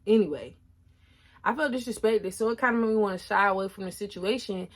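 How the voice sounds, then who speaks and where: A woman in her twenties talking casually and animatedly to the camera, speaking straight to her viewers and dropping her voice low for asides. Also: brisk. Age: 20s. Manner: chatty, animated, addresses viewers directly as y'all. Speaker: vlogger.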